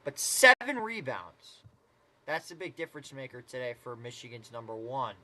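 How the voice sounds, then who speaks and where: A man's voice: medium pitch, animated, moderate pace, pushed and bright. A man doing casual live play-by-play commentary of a basketball game, with chatty asides and mild swearing.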